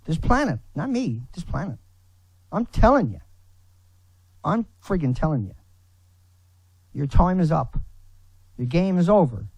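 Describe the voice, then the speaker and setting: A man delivering a furious, profanity-laden rant to camera, breaking into shouts. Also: a little high, very animated, unhurried, pauses often, breathy edge, dry recording, low-quality recording. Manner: furious, swearing, shouting in bursts.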